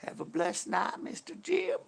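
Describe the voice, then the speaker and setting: A man's voice: very high-pitched, sing-song, a little slow, vocal fry, voice pushed up, exaggerated voice. A man voicing a cheery cowboy store clerk in a put-on Texas accent, greeting customers in a folksy, overly friendly way.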